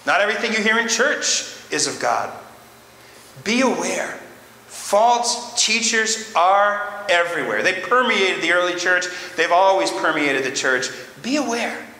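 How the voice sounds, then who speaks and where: A man's voice: high-pitched, expressive, unhurried, pushed and bright. A man preaching a sermon as pastor, earnest and emphatic, driving points home by repeating short phrases. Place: church sanctuary. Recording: roomy church reverb, faint background noise.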